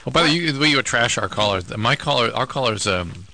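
Quick, blunt radio co-host. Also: male voice, medium pitch, expressive, vocal fry, bright, forceful tone, a little hiss or hum. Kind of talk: call-in radio banter.

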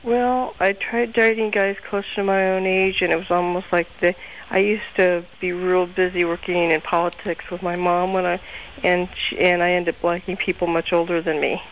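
A woman in her twenties calling in to a radio show, talking in a flat, hesitant, soft-spoken way. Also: fairly low pitch, normal speed, a little hiss or hum, poor audio. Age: 20s. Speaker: caller. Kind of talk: call-in radio chat.

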